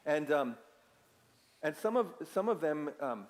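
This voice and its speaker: A man preaches to his congregation, his voice sitting a little high. He talks casually, asks questions of the room and pushes hard on key words. The sound carries a long reverb from a large hall. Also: very animated, unhurried. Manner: conversational, asks the audience questions, emphatic bursts. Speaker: pastor. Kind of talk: sermon. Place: church sanctuary.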